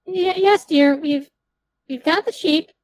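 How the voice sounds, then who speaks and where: A man voicing a gentle, fussing female starship officer in a tabletop role-play, hesitant and motherly. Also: extremely high pitch, takes it slowly, no room sound, voice pushed up, low-quality recording. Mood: soothing.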